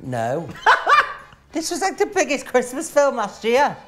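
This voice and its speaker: A man's voice: extremely high pitch, huge pitch swings, unhurried. Bawdy co-host, man, sing-song up-and-down delivery, faint music behind. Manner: teasing, crude, laughs often. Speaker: co-host reacting to a film. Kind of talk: bawdy reaction chat.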